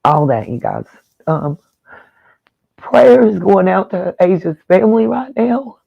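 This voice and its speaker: A man's voice: sits high, huge pitch swings, slow, creaky, husky, dry recording, lo-fi sound. A man hosting a casual livestream, talking straight to his viewers in an emotional, rambling way. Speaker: livestream host.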